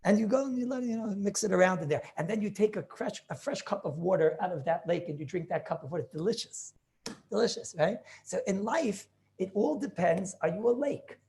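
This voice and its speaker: Gravelly-voiced rabbi, emphatic and repetitive. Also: male voice, high-pitched, fairly quick, darkish tone, a little hiss or hum. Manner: emphatic, repetitive preaching with rhetorical questions. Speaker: rabbi teaching a class. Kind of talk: informal Torah class over video call. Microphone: video call.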